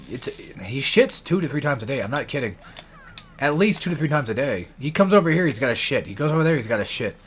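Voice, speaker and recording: Young adult male let's player, casual profane ranting, mid-pitched voice. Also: fairly bright tone. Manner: profane, ranting, frequent swearing. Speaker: let's play gamer. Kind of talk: rambling gameplay commentary.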